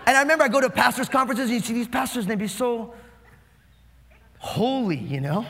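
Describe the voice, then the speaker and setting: A male pastor from New Jersey delivers a lively, humorous sermon at a quick clip. His voice sits high for a man. The sound rings with long reverb from a large hall. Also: background noise. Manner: animated, fast-talking, joking.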